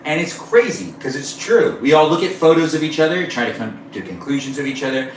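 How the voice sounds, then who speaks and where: A man's voice: fairly high pitch, expressive, a little fast, recorded from a distance, a little hiss or hum. A playful, rambling man chats with his viewers while baking on a live stream. His voice sits a little back from the mic in a roomy kitchen, with faint ambience underneath. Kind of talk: casual live-stream chat, reading chat aloud.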